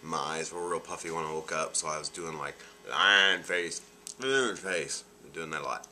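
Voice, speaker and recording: Nasal low-voiced man. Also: little pitch movement, fast, bright, forceful tone, slight background noise. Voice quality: nasal from allergies. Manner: chatty, upbeat, laughs often. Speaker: vlogger. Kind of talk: casual video diary.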